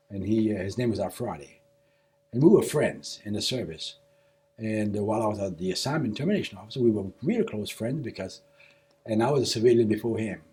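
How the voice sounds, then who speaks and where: An older man being interviewed for an oral history, recounting his past in a casual, animated way and acting out the dialogue. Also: on the low side, breathy edge. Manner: animated storyteller who acts out quoted dialogue. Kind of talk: casual spoken recollection.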